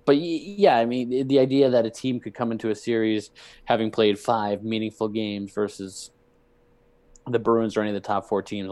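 A man's voice: on the low side, a little mellow, no echo. A man co-hosting a podcast, rambling through casual sports chat, restarting and correcting himself as he goes. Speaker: podcast co-host.

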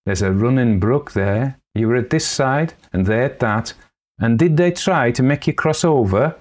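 A man's voice: medium pitch, animated, normal speed, pitched above the performer's own voice, lightly acted. A man voicing a stern, grim old village wise woman who speaks in Northern English dialect, reading her lines in a storybook.

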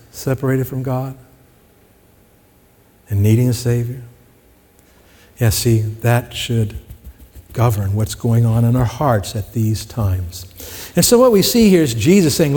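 A man's voice: medium pitch, slow, pauses often, a little mellow. Guy preaching a sermon, chatty, keeps asking the room questions, long hall reverb. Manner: conversational, asks the congregation questions. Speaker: pastor.

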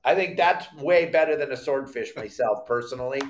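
A middle-aged man hosting a live fishing podcast, telling a story with lively acted-out quotes and bursts of shouting. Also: mid-range voice, moderate pace. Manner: animated storyteller, acts out quotes, shouts when excited. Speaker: podcast host.

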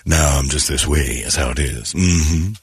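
A man's voice: extremely low pitch, a little slow, husky, dry recording. A man hosting a morning radio show, telling rambling, jokey stories in casual chat. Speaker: radio host.

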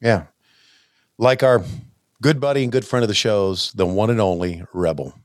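An older man hosting a podcast chats casually over old wrestling footage, halting and stammering and chuckling often. His voice is on the low side, in a studio-quality recording with no room sound.

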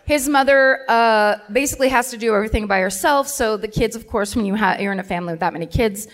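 A woman hosting a live comedy true-crime podcast. She tells the story in an animated, sweary, self-mocking way, laughing as she goes. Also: fairly high pitch, fast talker. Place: live theater stage before an audience.

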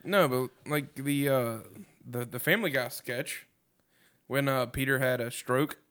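A man's voice: medium pitch, a little slow, a bit bright, clear, resonant tone. A man in casual chat, telling his stories in a rambling, hesitant way.

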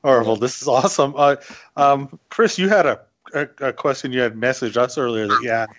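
A man's voice: mid-range voice, moderate pace, fairly bright tone. A man co-hosting a casual interview with enthusiastic short reactions. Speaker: podcast host. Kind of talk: casual chat. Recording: dull lo-fi recording.

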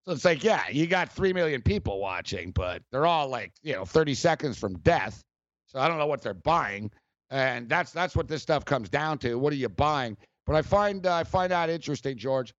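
A man's voice: a little high, expressive, normal speed, no echo, highs cut off. A middle-aged man hosting sports talk radio, telling stories in a loose, rambling way with frequent laughs. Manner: rambling, storytelling, laughs often.

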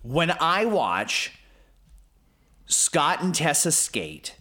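A man's voice: a little high, extremely slow. A man, a former radio co-host, joking through a casual chat. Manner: joking, lively.

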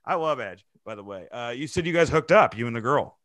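Lively, bright-voiced man asking questions. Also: mid-range voice, a little fast. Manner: eager questioner, laughs often. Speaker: podcast co-host. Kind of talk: casual chat.

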